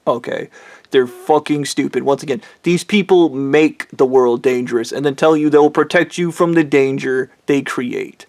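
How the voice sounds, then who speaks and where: A man's voice: mid-range voice, normal speed, a little mellow, dry recording. A man ranting angrily and bitterly, swearing heavily as he tells a personal story. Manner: angry, bitter, heavy swearing. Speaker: vlogger. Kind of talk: profane personal rant.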